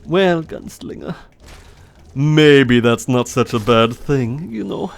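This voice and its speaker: A man voicing Heinrich, a smug, taunting older man, in a mock German accent, raised high and sing-song. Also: animated, takes it slowly, gravelly.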